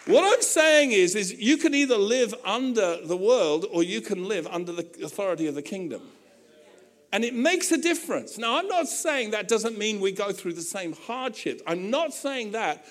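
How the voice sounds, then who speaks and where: A male pastor preaching a sermon to his church, animated and conversational, with humorous asides and acted-out quotes. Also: high voice, normal speed, some chatter behind.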